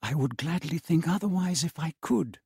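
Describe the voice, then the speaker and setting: A man reading aloud and voicing a gentle young woman who speaks softly and steadily as she ends her engagement. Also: a little high, moderate pace, creaky, breathy edge, dry recording, studio quality, heavily acted. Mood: sorrowful, gentle. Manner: soft, sorrowful and steady. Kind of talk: dramatic reading of a classic novel.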